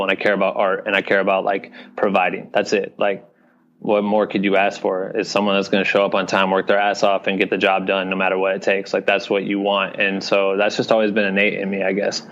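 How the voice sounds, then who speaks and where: Young Midwestern-raised guy, low and flat, loose conversational ramble, dull podcast sound. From Iowa, United States. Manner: rambling, frequent "you know what I mean". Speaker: podcast guest, video director. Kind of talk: casual interview talk.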